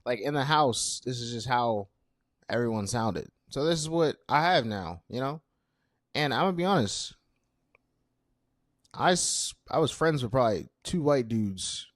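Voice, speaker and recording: A man's voice: mid-range voice, dry recording, clean studio sound. A young man in his twenties hosting a casual solo podcast, chatty and self-deprecating with lots of fillers. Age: 20s. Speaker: podcast host.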